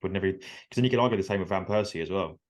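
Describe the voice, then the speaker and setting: A man talks quickly and firmly on a casual podcast, teasing his co-hosts. His voice is very low. He rattles through his points at speed.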